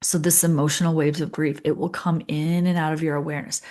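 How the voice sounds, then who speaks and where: Empathetic woman coach, slightly low voice. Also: level tone, quick pace. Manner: gentle, empathetic, with repetition and lists. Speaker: leadership coach. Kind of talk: coaching podcast monologue.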